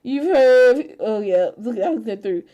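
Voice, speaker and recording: A woman's voice: a little high, animated, measured pace, warm tone. Laughing, foul-mouthed woman streamer. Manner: laughs often, swears freely, playful teasing. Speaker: streamer host. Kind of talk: casual stream chat.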